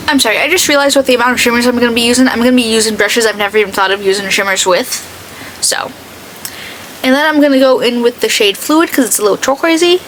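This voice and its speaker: A woman's voice: high voice, fairly bright tone, a little hiss or hum, rough recording. A young woman chatting casually and sarcastically while doing her makeup on camera. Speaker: beauty vlogger.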